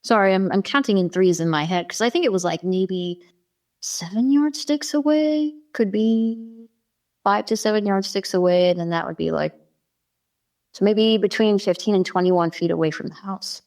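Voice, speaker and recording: Woman, interview guest, mid-range voice, animated storytelling, lots of fillers. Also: mid-range voice, normal speed. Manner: animated, many fillers, acts out quoted dialogue. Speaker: podcast guest.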